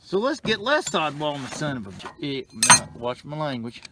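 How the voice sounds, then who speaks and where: A middle-aged man with a drawl holds forth outdoors in a folksy, cussing rant on a farm vlog. His voice sits fairly high, and the outdoor recording carries steady background noise. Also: moderate pace. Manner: folksy, cussing, fired-up ranting. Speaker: farm vlogger.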